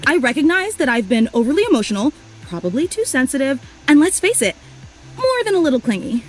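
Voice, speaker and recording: A woman's voice: high voice, big pitch swings, fairly quick, faint music behind, poor audio. A woman voicing an overly emotional, clingy young female superfan in a video game, gushing and apologizing in a tearful rush. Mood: adoring.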